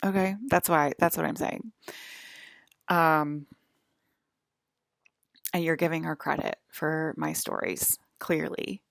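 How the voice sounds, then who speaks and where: A woman's voice: low-pitched, fairly even intonation, slow pace, gravelly, pauses often, no echo, studio quality. A woman vlogger talking to her viewers in a rambling, agitated monologue, swearing and restarting often. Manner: rambling, agitated and profane, many fillers and restarts.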